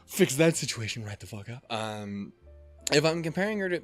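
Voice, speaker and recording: A man's voice: medium pitch, big pitch swings, moderate pace, fairly bright tone, faint music behind. A man playing a visual novel on his channel, reading the text aloud between profane, self-deprecating, rambling asides. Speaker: let's player. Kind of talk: casual game commentary, reading text aloud.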